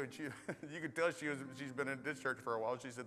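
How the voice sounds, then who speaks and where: A man preaching a sermon as pastor, animated, swinging between loud bursts and hushed storytelling. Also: mid-range voice, quick pace. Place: large church hall. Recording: reverberant hall with soft music.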